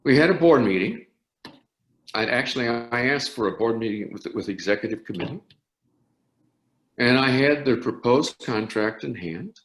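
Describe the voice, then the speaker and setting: An older man, a conductor, recounts stories in an interview with animated, rising and falling intonation. He restarts phrases often as he talks. His voice carries a roomy echo. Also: mid-range voice, normal speed, long pauses. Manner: animated anecdote teller with frequent restarts. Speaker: orchestra conductor. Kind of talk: storytelling interview.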